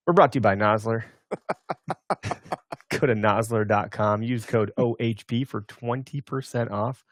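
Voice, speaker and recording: A man's voice: medium pitch, huge pitch swings. A man hosting a hunting podcast, rambling and joking his way through casual banter. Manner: joking, rambling, quick asides. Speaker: podcast host.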